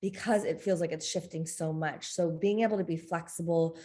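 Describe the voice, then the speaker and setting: A woman speaking as a podcast guest in a candid interview, open and expressive, often breaking into laughter. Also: fairly low pitch, moderate pace.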